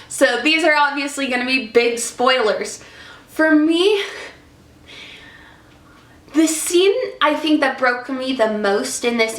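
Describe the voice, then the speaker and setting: Slow, effusive woman vlogger, echoey room. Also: fairly high pitch, a bit bright. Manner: effusive, emotional, chatty. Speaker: book vlogger. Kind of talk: casual book review vlog.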